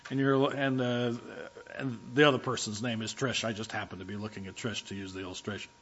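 A man's voice: lowish voice, flat delivery, fairly quick, fairly bright tone, a little hiss or hum. A man preaching a sermon as a pastor, talking conversationally with humorous, self-deprecating asides and frequent restarts. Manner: frequent restarts and filler words. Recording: dull lo-fi recording.

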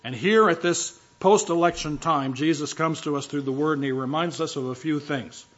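A man's voice: fairly high pitch, normal speed, a bit bright, highs cut off. A man preaching a sermon as pastor, emphatic, driving home key phrases by repeating them.

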